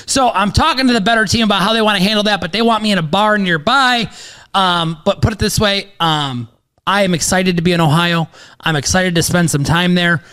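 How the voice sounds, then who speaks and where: A man in his thirties hosting a casual podcast, talking in a rambling, excitable way with lots of "um"s and casual swearing. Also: sits high, a little fast, smooth. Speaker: podcast host, sports bettor.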